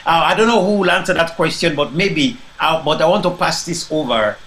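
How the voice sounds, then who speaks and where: A man's voice: a little high, brisk, a bit bright, a little hiss or hum. A man from Leone, hosting a live online discussion, greeting listeners by name with plenty of ums and restarts. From Sierra Leone. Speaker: host.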